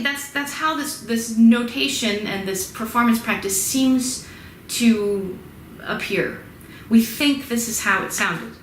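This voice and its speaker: Woman, music history instructor, casual lecture, slightly high pitch, echoey room. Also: a bit bright, a little hiss or hum. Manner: chatty, demonstrates rhythms by chanting and singing. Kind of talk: recorded lecture. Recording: echoey room with faint ambience.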